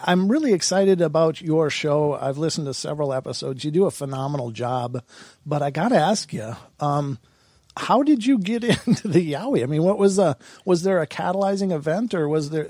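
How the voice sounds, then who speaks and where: A man's voice: fairly high pitch, animated, a little fast, mellow, no room sound, clean studio sound. Upbeat man hosting a show. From United States. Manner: upbeat, announcer-like, with fillers. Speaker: podcast host. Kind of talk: enthusiastic show host.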